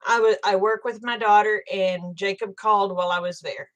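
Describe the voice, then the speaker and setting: A woman's voice: medium pitch, steady tone, moderate pace, fairly bright tone. An older woman, chatting with viewers on a livestream, angry and blunt and swearing freely. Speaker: livestream host. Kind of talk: casual livestream chat with viewers.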